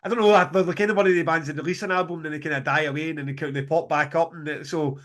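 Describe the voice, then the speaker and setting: Chatty man, higher voice. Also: fairly even intonation, rapid-fire, a bit bright. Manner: enthusiastic, rambling with restarts. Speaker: podcast co-host, festival promoter. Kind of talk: casual chat.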